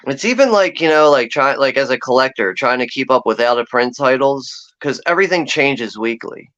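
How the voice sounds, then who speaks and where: A man's voice: mid-range voice, expressive, normal speed, fairly bright tone. A man chatting casually and profanely on a livestream, rambling and laughing as he talks. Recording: dull lo-fi sound.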